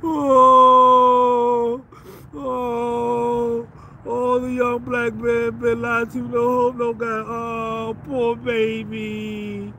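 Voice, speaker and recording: A man's voice: very high-pitched, monotone, drawn-out words, pushed and bright, a little hiss or hum, exaggerated voice. A man putting on the voice of a whiny, self-pitying grown man who begs for help, in a mocking sing-song plea. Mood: mocking whine.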